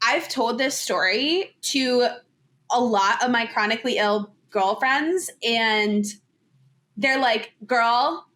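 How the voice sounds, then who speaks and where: Chatty young woman, higher voice. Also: slow pace, fairly bright tone. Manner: chatty, candid, heavy use of "like". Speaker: podcast guest. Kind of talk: casual podcast conversation.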